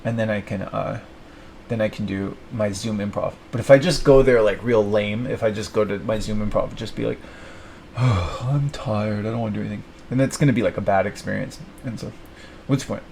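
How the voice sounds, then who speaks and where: A man's voice: fairly low pitch, fairly even intonation, fairly quick, vocal fry, darkish tone, a little hiss or hum, poor audio. A young man thinking aloud at his desk, rambling and self-mocking as he plans his week. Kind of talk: rambling solo self-talk.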